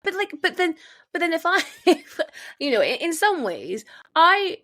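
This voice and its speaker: A woman hosting a podcast, talking casually and emphatically, with her pitch leaping up on stressed words. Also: big pitch swings, measured pace, fairly bright tone, dry recording, clean studio sound. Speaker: podcast host.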